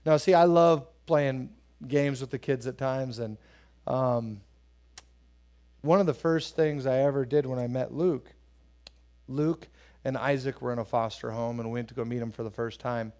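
A man's voice: medium pitch, fairly even intonation, normal speed, a little mellow. A man preaching a sermon in a conversational way, telling personal stories, acting out voices when he quotes people, and asking the congregation questions. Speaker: pastor.

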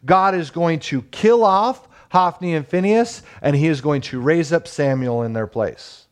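A man's voice: a little high, unhurried. Emphatic preaching man with rhetorical questions. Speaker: pastor. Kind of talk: sermon.

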